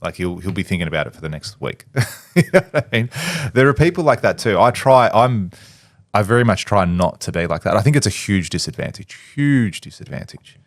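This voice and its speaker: A man's voice: on the low side, big pitch swings, fairly quick, dry recording, studio quality. A man, co-hosting a podcast in casual chat, a blunt storyteller who swears and acts out what people said. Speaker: podcast co-host.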